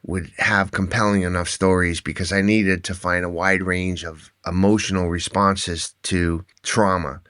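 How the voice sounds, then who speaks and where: A man, an endurance athlete and author, telling animated stories as a podcast guest and often restarting his words. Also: low-pitched, unhurried, few pauses, no echo, clean studio sound. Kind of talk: conversational podcast storytelling.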